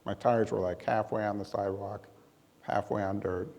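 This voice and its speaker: A man giving a talk, telling a personal story to an audience in a lively, self-deprecating way with comic timing. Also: fairly low pitch, moderate pace, in a large hall. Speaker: emergency manager giving a talk.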